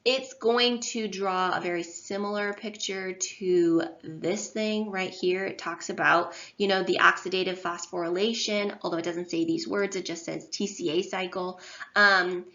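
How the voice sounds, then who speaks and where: A woman's voice: fairly low pitch, fairly even intonation, a little slow, a bit bright. A woman giving a recorded online lecture in a chatty, self-deprecating way, with many fillers and restarts. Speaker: instructor. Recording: slightly dull lo-fi audio.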